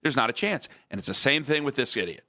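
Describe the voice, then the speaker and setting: A man hosting sports talk radio, arguing his points with emphatic, animated delivery. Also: medium pitch, fast. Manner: animated, emphatic, mimics others in quotes.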